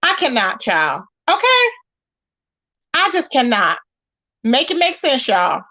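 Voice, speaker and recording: High-voiced woman chatting on a livestream. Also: big pitch swings, slow, pushed and bright. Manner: chatty, greets viewers by name, emphatic. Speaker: livestream gossip host. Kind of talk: casual live-stream chat.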